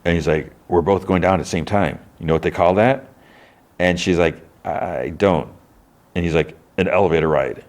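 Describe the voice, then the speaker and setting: Male podcast host, very low voice, loose chatty recap, tosses in little character voices. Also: fairly even intonation, fairly quick. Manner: loose retelling with frequent "like" and restarts, lightly mimicking characters' lines. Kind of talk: casual episode recap.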